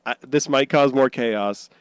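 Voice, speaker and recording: Man, podcast co-host, casual chat, playful, uh-filled, smooth clear voice. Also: medium pitch, slow pace, no echo.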